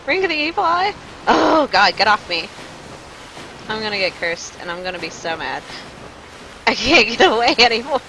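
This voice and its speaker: A woman's voice: fairly high pitch, bright, forceful tone, a little hiss or hum, rough recording. A young woman streaming a video game live, chatting with her viewers and joking as she panics at what happens on screen. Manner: jokey, panicky, talks to chat. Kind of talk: live gameplay commentary.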